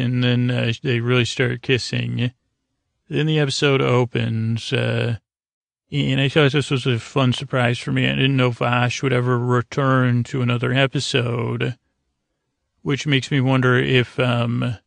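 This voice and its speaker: Guy hosting a podcast, gravelly voice, kinda flat delivery, rambly with lots of ums, dry close sound. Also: medium pitch, dry recording. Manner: rambling, with frequent ums and restarts; playful asides and jokes. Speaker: podcast host. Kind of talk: casual episode recap.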